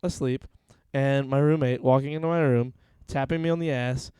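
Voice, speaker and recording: Smooth-voiced man hosting a podcast. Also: mid-range voice, moderate pace, no echo. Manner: sarcastic, animated storyteller who acts out quotes. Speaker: podcast host. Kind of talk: casual podcast chat.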